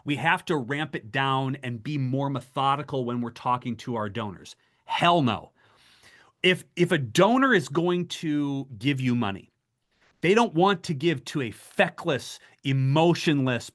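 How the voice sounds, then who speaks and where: A man's voice: mid-range voice, a little slow. A middle-aged man presenting a fundraising webinar, speaking emphatically and urging his listeners on. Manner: emphatic, exhorting, animated. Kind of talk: motivational webinar talk.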